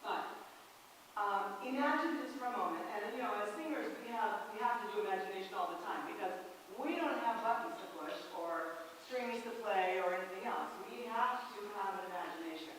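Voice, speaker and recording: A woman leading a choir workshop, coaching breathing and singing warm-ups with lively encouragement. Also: medium pitch, brisk, a little hiss or hum. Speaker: choir director. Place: church hall. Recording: echoey church room, long reverb, loud instruments.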